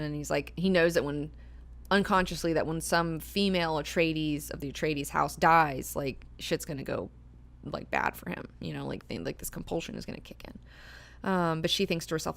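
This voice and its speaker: A woman's voice: lowish voice, a bit bright, smooth. A woman hosting a book club, talking casually, swearing freely and acting out characters' lines as she goes.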